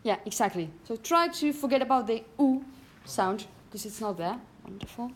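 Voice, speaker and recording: A woman's voice: on the high side, lively intonation, normal speed, a little hiss or hum. Encouraging woman teaching pronunciation. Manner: encouraging, calls on students by name. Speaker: phonetics teacher. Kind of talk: classroom pronunciation lesson. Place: classroom.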